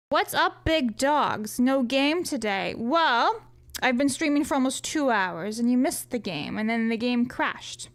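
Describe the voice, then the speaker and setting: A woman with a high voice runs a casual live stream. She reads her viewers' chat aloud and answers in a chatty, joking way, swearing freely. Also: a bit bright.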